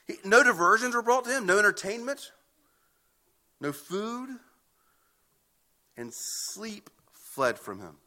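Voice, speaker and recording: A man's voice: high-pitched, very animated, slow pace, pauses often, sharp tone. A man preaching an expository sermon, emphatic and often repeating words as he builds a point. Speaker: pastor.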